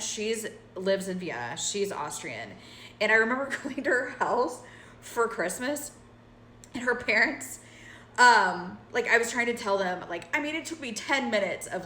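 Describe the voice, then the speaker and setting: Emphatic woman, bright and roomy. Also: medium pitch, slight background noise. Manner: emphatic and conversational, with frequent "like" and "right?". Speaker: creator. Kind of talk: casual vlog commentary. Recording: roomy echo.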